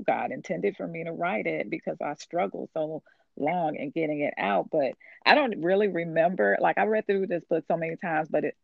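A woman talks earnestly about her own story, her voice gravelly with fry. The sound is thin and tinny, like a phone line, and very dry. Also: sits low, no room sound. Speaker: author. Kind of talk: casual conversation.

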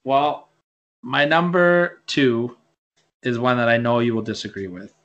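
A man's voice: mid-range voice, expressive, measured pace, a bit bright, dull audio. A man co-hosting a casual podcast about wrestling, rambling and restarting his sentences as he makes his case. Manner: rambling, repeats words when restarting. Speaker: podcast co-host.

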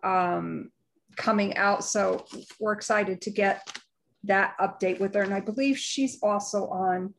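A woman's voice: medium pitch, steady tone, unhurried, vocal fry, a little hiss or hum. Woman, podcast co-host, casual chat, effusive, gushing.

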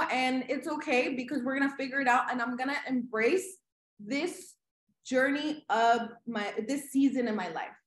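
A woman guest giving animated motivational talk, full of "like" and "right?" as she addresses her audience. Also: sits high, normal speed, roomy sound. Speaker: podcast guest.

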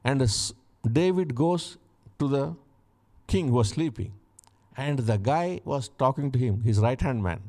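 A man's voice: mid-range voice, lively intonation, measured pace, dark tone. A man preaching a sermon, retelling a Bible story with acted dialogue and repeating key lines, then leading a prayer. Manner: acts out biblical dialogue, repeats key phrases. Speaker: pastor.

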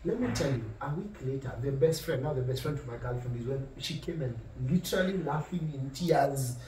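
A young man with a Kenyan accent telling an animated story in casual podcast chat, slipping between English and Swahili. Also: mid-range voice, a little fast. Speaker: podcast co-host. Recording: echoey room, distant mic, faint noise.

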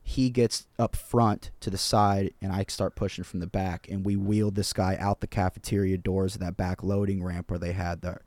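A man co-hosting a podcast, telling a story in a relaxed, unhurried way. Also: low-pitched, dry recording. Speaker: podcast host. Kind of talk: casual chat.

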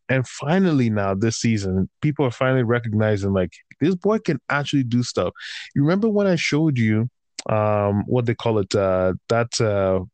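A man talks football in a heated, profane rant, peppering his sentences with "bro" and "man". His pitch sits in an ordinary middle range, and the sound is close and dry with no room around it. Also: darkish tone, no room sound. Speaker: podcast host and football fan. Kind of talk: casual chat.

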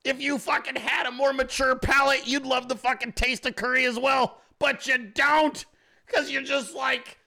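Male podcast host, gravelly and sharp-toned, profane mocking rant. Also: very high voice, steady tone, normal speed.

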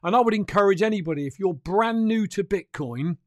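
Brisk and expressive, this man's voice sits high and carries no echo. He's a crypto news show host giving casual, chatty livestream commentary with plenty of emphasis.

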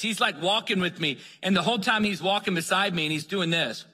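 A man preaching a sermon, telling a story with lively acted-out dialogue. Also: high voice, brisk. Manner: animated storyteller acting out dialogue. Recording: long hall reverb.

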